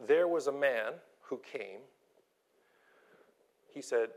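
A man preaching a sermon with strong emphasis, sometimes dropping to a soft whisper. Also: medium pitch, expressive, slow pace, long pauses. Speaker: pastor.

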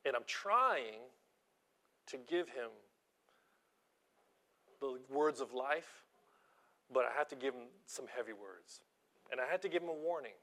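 A preacher who also works as a schoolteacher delivers an informal sermon, sharing stories from his teaching job in an animated, self-deprecating way. His mid-range voice moves at a measured pace with long pauses, sinking into quiet asides and climbing to loud emphasis.

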